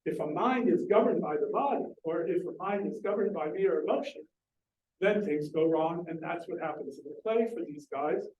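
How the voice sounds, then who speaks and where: A man's voice: high-pitched, normal speed, lo-fi sound, slight background noise. A man giving a public lecture on literature in a library, explaining earnestly and putting questions to his audience. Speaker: lecturer on Shakespeare. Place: library meeting room. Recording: echoey room, distant mic.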